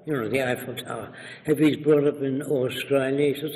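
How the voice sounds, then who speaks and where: A man's voice: a little high, normal speed, long reverb tail, rough recording. An older man, an interview guest, telling anecdotes and acting out the people in them. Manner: animated, acts out quoted voices. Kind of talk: anecdotal storytelling.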